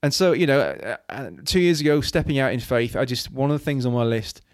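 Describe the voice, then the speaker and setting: A man's voice: mid-range voice, fairly quick, no room sound, studio quality. A man from Wales, a guest on an interview, talking earnestly and rambling with many restarts and fillers. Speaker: guest, children's ministry leader. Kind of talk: casual interview talk.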